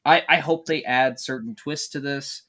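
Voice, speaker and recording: A man's voice: mid-range voice, normal speed, bright, forceful tone. A man co-hosting a podcast in casual chat, opinionated and swearing freely. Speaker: podcast co-host.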